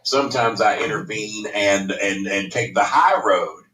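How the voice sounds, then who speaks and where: A man's voice: fairly low pitch, a little slow, far from the mic, a little hiss or hum. Ranting, profane man telling a story. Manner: loud, ranting, profane, laughs often. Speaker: storyteller guest. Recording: roomy, from off mic.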